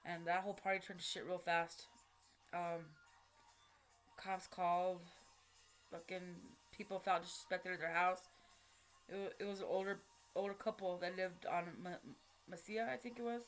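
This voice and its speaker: A woman's voice: lowish voice, steady tone, moderate pace, pauses often, faint music behind. A woman telling a personal story to camera, blunt and profane, in street slang with lots of fillers. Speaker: vlogger.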